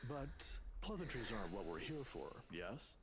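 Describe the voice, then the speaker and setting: An actor playing an inquisitive older male scholar in a game, gentle, teasing and formal. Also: lowish voice, big pitch swings, moderate pace, noisy background.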